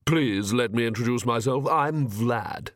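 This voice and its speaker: Vlad, a man doing a silky young vampire gentleman. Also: medium pitch, measured pace, dry recording, studio quality, close to an everyday voice. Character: suave young male vampire nobleman, smooth and courteous.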